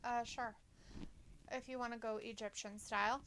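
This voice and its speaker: A woman's voice: fairly high pitch, steady tone, normal speed, fairly bright tone, slight background noise. A young woman co-hosting a casual wrestling live stream, playful and bubbly, teasing her chat.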